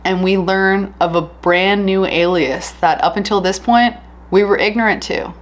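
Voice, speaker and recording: A woman recounts a true crime case in a chatty, candid way. Her voice sits at a middle pitch, and her retelling is animated, as if talking to friends. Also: normal speed. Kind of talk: casual true crime narration.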